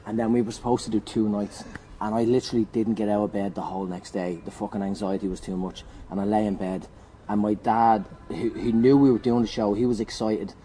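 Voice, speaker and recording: A man's voice: on the low side, flat delivery, brisk, dark tone, a little hiss or hum, poor audio. A man telling a comic anecdote as a podcast guest, laughing, swearing and acting out what people said. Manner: laughing, swearing storyteller who acts out quotes.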